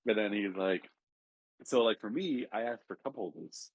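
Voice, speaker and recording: A young man co-hosting a casual online chat, telling stories with relaxed banter. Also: fairly low pitch, normal speed, husky, no echo. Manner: storytelling, acts out quotes. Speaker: co-host. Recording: dull lo-fi mic.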